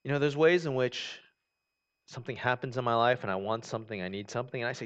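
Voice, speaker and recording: A man's voice: medium pitch, animated, quick pace, fairly bright tone, highs cut off. A man preaching a sermon in a conversational way, acting out the voices of the people in the story. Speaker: pastor.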